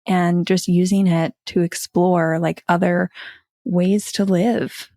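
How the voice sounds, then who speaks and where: A woman's voice: fairly low pitch, little pitch movement, slow pace, dark tone, dry recording, studio quality. A woman hosting a podcast, talking in an earnest, reflective and upbeat way. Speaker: podcast host. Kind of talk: casual podcast chat and outro.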